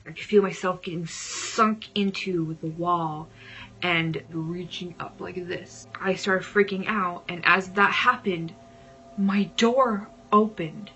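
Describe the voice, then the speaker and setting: Woman telling a story in hushed tones. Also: on the low side, a little hiss or hum, rough recording. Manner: dramatic, dropping into hushed whispers. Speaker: vlogger telling a personal story. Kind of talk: casual storytelling.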